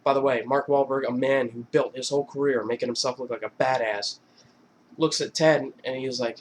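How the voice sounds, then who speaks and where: A man's voice: medium pitch, steady tone, fairly quick, slight background noise. A young man recapping funny movie scenes in a casual, rambling, profane vlog style. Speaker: vlogger.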